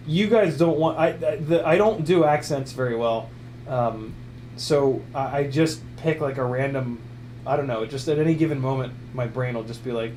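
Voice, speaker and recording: A man's voice: mid-range voice, moderate pace, darkish tone, a little hiss or hum. A man hosting a casual livestream, rambling, swearing and laughing at his own jokes. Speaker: streamer.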